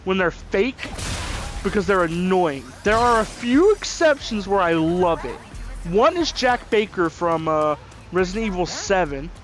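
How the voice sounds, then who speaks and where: A man's voice: high-pitched, big pitch swings, a little slow, a bit bright. A young man from the American South, giving rambling, opinionated commentary over gameplay, full of fillers and restarts. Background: game music.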